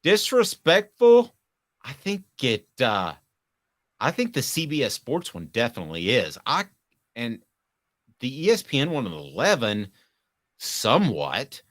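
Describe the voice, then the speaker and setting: A man hosting a casual sports talk show, asking questions and giving opinions in a loose, lively way. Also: medium pitch, measured pace, pauses often, dry recording, clean studio sound.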